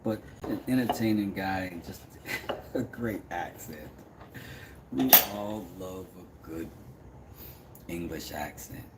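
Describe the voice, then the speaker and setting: A man's voice: deep voice, slow, pauses often, echoey room, very noisy. A man, chatting casually with viewers on a livestream, reading their comments aloud and often trailing off into mumbles. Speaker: livestream host making mallets.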